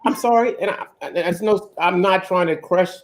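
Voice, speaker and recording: A man hosting a casual chat, telling jokey, animated stories. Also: high-pitched, normal speed. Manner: animated, joking storyteller. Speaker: host.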